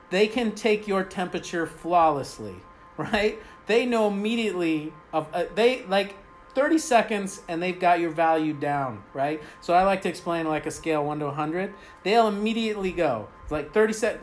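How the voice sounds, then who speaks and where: A man's voice: high voice, lively intonation, normal speed, faint music behind. A man who coaches men on dating, talking casually on a podcast, rambling with many fillers and a constant "right?". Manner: rambling, filler-heavy, says "right?" often.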